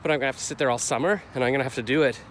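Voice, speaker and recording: A middle-aged man talks to his camera in a loose, rambling vlog, second-guessing himself as he goes. His voice sits at an ordinary pitch for a man. Traffic and city noise carry clearly behind him. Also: very fast. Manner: rambling, self-questioning, gets heated retelling the clash. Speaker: vlogger. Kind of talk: casual confessional vlog.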